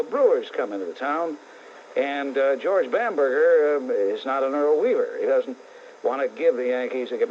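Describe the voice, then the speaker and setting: A man's voice: on the high side, slight background noise. A middle-aged man with a New York accent hosting a call-in talk radio show, blunt and sarcastic, ranting at callers and listeners. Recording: muffled old AM radio tape.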